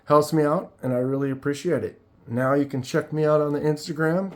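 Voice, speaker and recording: A man's voice: on the high side, steady tone, fairly quick, darkish tone. A man hosting his own channel, casually demonstrating and chatting about gear with loose, rambling asides and frequent ums. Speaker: knife channel host. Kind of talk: casual hands-on product demo.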